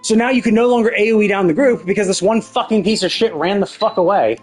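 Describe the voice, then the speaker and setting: Over soft background music, a woman streamer with a mid-range, darkish voice talks quickly through live gameplay. Her commentary is a profane, exasperated rant about the game.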